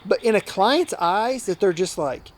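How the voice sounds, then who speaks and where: High-voiced, earnest hunting outfitter. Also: male voice, lively intonation, measured pace. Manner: earnest, talkative, often acts out quoted dialogue. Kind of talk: casual storytelling in a podcast interview.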